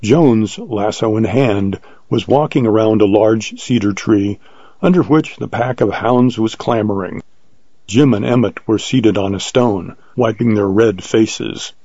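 A man reading a first-person adventure story aloud in a steady, measured way, on a dull lo-fi recording. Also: on the low side, slightly rough, no room sound. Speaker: audiobook narrator.

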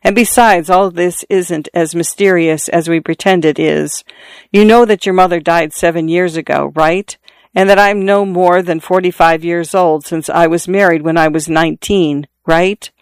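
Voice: mid-range voice, fairly even intonation, moderate pace, clear, resonant tone, no echo, natural voice. A narrator voicing a wounded middle-aged father who confides to his son in an insistent, repetitive way, short of breath. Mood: confiding. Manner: confiding, insistent, repeating himself. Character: dying middle-aged farmer father, earnest.

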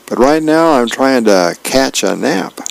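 A man's voice: medium pitch, lively intonation, measured pace, creaky, no echo, rough recording. A man voicing a sleepy, lazy grown man napping on a couch in a comic strip. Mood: drowsy.

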